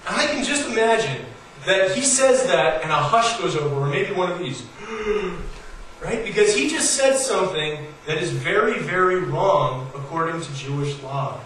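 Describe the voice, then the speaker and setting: A pastor preaching a sermon. He tells stories in a casual, conversational way and pushes his emphasis higher as he builds each point. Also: lively intonation, moderate pace, few pauses, a bit bright. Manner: storytelling, conversational with rising emphasis. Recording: very echoey hall, voice from far off, faint noise.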